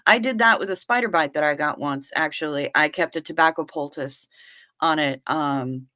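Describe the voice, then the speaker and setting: Bright-voiced woman chatting on a livestream. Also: low-pitched, moderate pace. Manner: folksy, chatty, calls viewers honey and baby; hums and sings little doo-doo fillers. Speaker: livestream host. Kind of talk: casual chat reading viewer comments.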